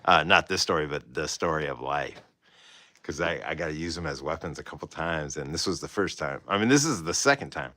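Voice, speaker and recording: A man's voice: very deep voice, expressive, a little fast, sharp tone, dry recording. A man hosting a livestream as an artist, telling a story in a rambling, casual way and laughing often.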